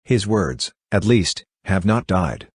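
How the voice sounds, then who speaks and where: A man's voice: sits low, sing-song, slow, slightly rough, dry recording, clean studio sound, heavily acted. A man voicing a grieving young woman in an audiobook reading, with an earnest, mournful delivery.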